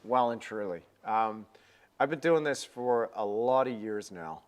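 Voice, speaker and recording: A man's voice: fairly low pitch, expressive, a little slow, smooth. A young man giving a live painting lesson, chatty and rambling with a self-deprecating manner. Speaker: painting instructor.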